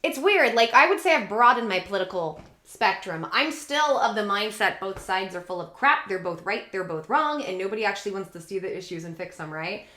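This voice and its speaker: A woman's voice: medium pitch, brisk, hardly any pauses. A woman talking to her audience in a casual, rambling vlog. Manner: chatty, rambling, animated. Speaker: vlogger. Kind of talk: casual vlog talk to camera. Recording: echoey room.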